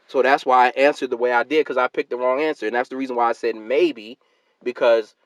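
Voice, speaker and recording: A man's voice: mid-range voice, dry recording, rough recording. A man hosting his own channel, delivering a heated, argumentative rant to his viewers, repeating his points and addressing people as sister and fam. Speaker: YouTube channel host. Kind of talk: heated solo rant to camera.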